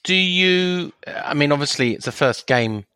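A man's voice: fairly high pitch, expressive, measured pace, sharp tone, clean tone, no echo. A man hosting a podcast, bantering and teasing his co-hosts in casual chat. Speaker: podcast host.

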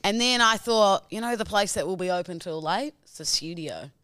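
A young woman, her voice worn raspy and hoarse, chats in a bubbly, giggly way and stretches her words out as she tells a story. She sits at a close mic in a dry room with no echo, and her pitch sits in a middle range. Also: expressive, moderate pace, a bit bright. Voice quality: raspy, partly lost voice. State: hoarse and tired after a weekend out. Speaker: podcast co-host. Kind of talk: casual chat.

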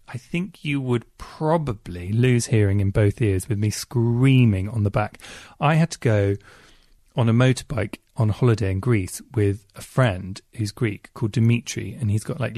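A chatty man co-hosts a podcast, reading listener emails in a playful, expressive way. His voice has a gravelly edge. He is recorded close on a dry, dead mic. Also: on the low side, no echo. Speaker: podcast co-host.

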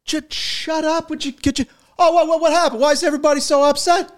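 A man putting on a high, oblivious young teammate voice. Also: flat delivery, quick pace. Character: carefree young male hockey teammate, oblivious.

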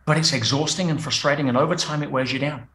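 A man's voice: fairly high pitch, fairly even intonation, quick pace, fairly bright tone, roomy sound. A man speaking as a guest coach in a podcast interview, emphatic and full of rhetorical questions.

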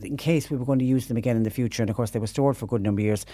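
A woman's voice: a bass voice, very fast, warm tone, slightly rough, dry recording, clean studio sound. A woman with a Cork accent hosting a radio phone-in, chatty and emphatic. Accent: Irish, Cork. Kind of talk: talk radio chat.

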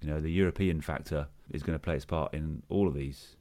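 A man hosting a football podcast, brisk and joking as he steers the chat. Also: extremely low pitch, dark tone, no echo. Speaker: podcast host. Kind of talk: casual chat.

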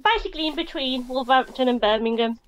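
A woman's voice: high-pitched, lively intonation, fast talker, a little hiss or hum. A woman with a Black Country accent calling in to a podcast over a video call, friendly and brief. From Black Country, England. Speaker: caller. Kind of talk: casual podcast chat.

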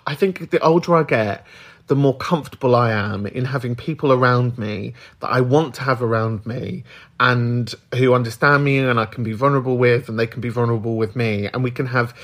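A man's voice: mid-range voice, normal speed, a bit bright. A man from the UK hosting a podcast in casual, candid chat, reflective and swearing freely. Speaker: podcast host.

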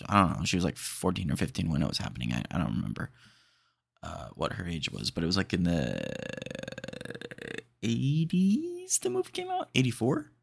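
A man with a low, gravelly voice chats casually as a podcast host, rambling with excited enthusiasm and tossing in "dude" every few lines. The sound is close and dry, with no room around it. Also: quick pace, no room sound. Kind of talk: casual chat.

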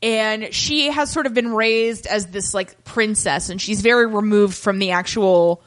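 Woman podcast host, casual recap chat, animated and quick to laugh, mid-range voice. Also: mid-range voice. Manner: chatty and animated, quick to laugh, many fillers.

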